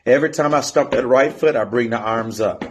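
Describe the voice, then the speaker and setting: A step team coach demonstrates drills in an instructional video, chanting and counting out the beat. He talks fairly quickly in a medium-pitched voice over a noisy background.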